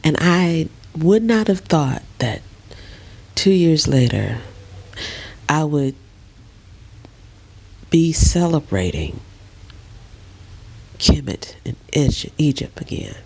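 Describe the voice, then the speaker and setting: A middle-aged woman lying in bed in a dark bedroom, talking slowly and emotionally in a soft, often half-whispered voice. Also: low-pitched, lively intonation, gravelly, slightly rough. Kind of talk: casual personal vlog.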